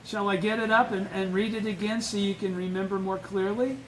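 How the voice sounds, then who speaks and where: High-voiced man teaching in an echoey room. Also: fairly even intonation, fairly quick, a bit bright. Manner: keeps questioning the group, blunt and emphatic. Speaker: study group leader. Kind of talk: informal Buddhist study lecture. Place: indoor meeting room, live-streamed. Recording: echoey room with faint noise.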